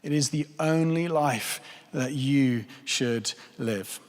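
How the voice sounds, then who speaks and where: A man's voice: mid-range voice, slow. A man in his thirties preaching a sermon in church, earnest and pleading, repeating phrases for emphasis. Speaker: pastor. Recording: long church reverb.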